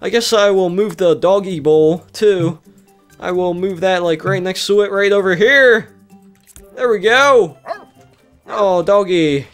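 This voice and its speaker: A let's play host chatting casually through a life-sim game, with unhurried, drawn-out delivery. Excitable, with sudden exclamations and playful scolding of the characters on screen. Faint game music plays underneath. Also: mid-range voice. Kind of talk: casual gameplay commentary.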